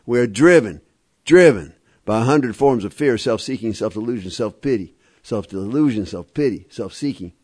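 A man's voice: medium pitch, animated, moderate pace, darkish tone, breathy edge. Emphatic man sharing at a meeting. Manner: emphatic, repetitive, wry storytelling. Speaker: speaker at a recovery meeting. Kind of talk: personal recovery talk to a live group.

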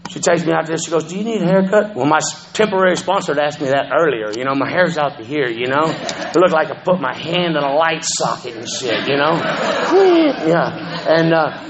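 A man's voice: on the high side, very animated, moderate pace, fairly bright tone, highs cut off. A man telling his recovery story as a personal testimony, conversational and profane, often checking in with the listeners. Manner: profane, conversational, keeps asking "you know what I'm saying".

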